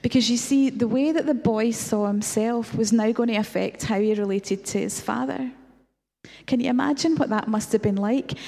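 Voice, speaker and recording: A woman's voice: on the high side, dark tone. A woman preaching a reflective sermon, retelling a story with rhetorical questions. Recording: long hall reverb.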